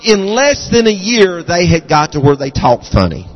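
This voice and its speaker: High-voiced preacher in a reverberant hall. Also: male voice, very animated, moderate pace, muffled recording. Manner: fervent preaching, frequent restarts and repeated words. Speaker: pastor. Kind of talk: sermon. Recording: long reverb of a large hall.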